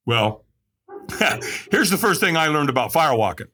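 Talking fast and very animatedly, this podcast guest shares his story in a pushed, bright, slightly rough voice. He dramatizes it, performing quotes with large leaps in pitch and dramatic swings.

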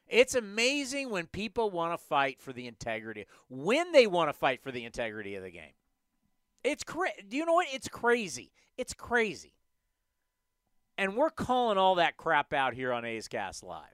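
A man hosting a casual sports podcast, ranting and repeating his points for emphasis. His voice is high and lively, with a bright, clear tone. The recording is close and dry. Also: normal speed, no echo. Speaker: podcast host.

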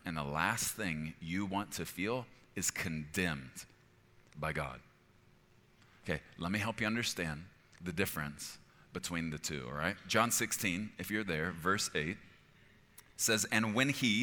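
A man's voice: low-pitched, pushed and bright, long reverb tail. A middle-aged man preaching a sermon as a pastor, earnest and conversational, often checking in with his listeners. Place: church auditorium.

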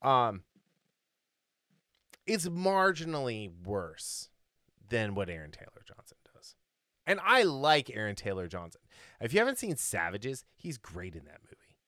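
A man's voice: medium pitch, wildly swooping pitch, measured pace, pauses often, sharp tone, no room sound, studio quality. A man co-hosting a podcast in casual chat, rambling and opinionated, with many fillers and restarts. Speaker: podcast co-host.

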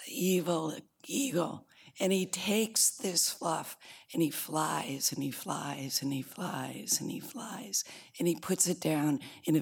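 A woman meditation teacher giving a dharma talk, telling a story in a soft, unhurried way. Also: low-pitched, vocal fry, husky.

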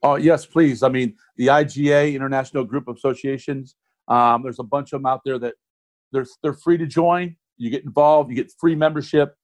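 A man's voice: mid-range voice, steady tone, fairly quick. Guy in his 40s chatting as a guest, rambly and folksy, plain mid voice. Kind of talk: casual interview talk.

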